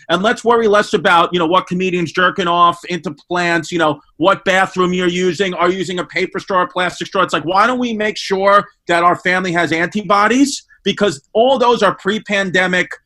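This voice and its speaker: A man with a New York accent, a comedian guest on a podcast, telling crude stories in a brash, animated way. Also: high-pitched. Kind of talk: casual comedic storytelling.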